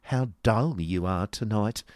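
A man's voice: animated, fairly quick, a little mellow, no room sound, studio quality, lightly acted. A man voicing a jealous, spiteful young woman who sneers and titters in an audiobook reading. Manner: shrill, sneering, giggly. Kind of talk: audiobook character voice.

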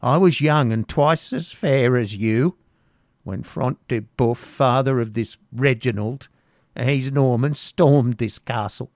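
A scornful old hag grumbles and mutters her spite in a gravelly, close voice, put on by a man reading a storybook. The sound is dry, with no room around it. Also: mid-range voice, slow pace, a little mellow, dry recording.

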